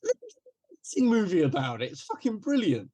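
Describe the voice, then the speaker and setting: A man co-hosting a podcast, chatting casually, laughing often and trailing off quietly. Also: high voice, huge pitch swings, normal speed, slightly rough. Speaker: podcast co-host. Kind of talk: casual chat.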